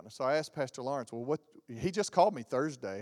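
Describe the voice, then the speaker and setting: Animated pastor in a reverberant church. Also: male voice, medium pitch, fast talker, few pauses. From Southern United States. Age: 40s. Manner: animated storytelling with jokes and mimicked voices. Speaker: guest pastor. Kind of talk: lively sermon with stories. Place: church sanctuary.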